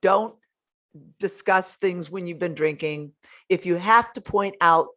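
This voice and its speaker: A woman's voice: on the low side, measured pace, fairly bright tone. Female self-help host: earnest and blunt, coaches listeners, swears offhand. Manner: earnest, frank, swears casually. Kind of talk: motivational self-help talk.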